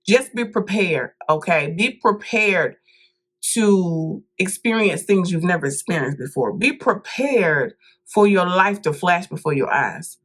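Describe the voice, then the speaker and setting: Animated woman telling a funny story. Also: lowish voice, measured pace, breathy edge. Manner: animated, dramatic retelling with acted-out quotes; addresses viewers directly as "y'all" and "baby". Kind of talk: casual storytime monologue.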